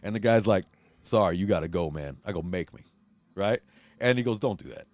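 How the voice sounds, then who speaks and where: Low-voiced profane storyteller man. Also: a little fast, no room sound. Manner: profane, animated storyteller acting out quotes. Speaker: podcast host. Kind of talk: casual storytelling chat.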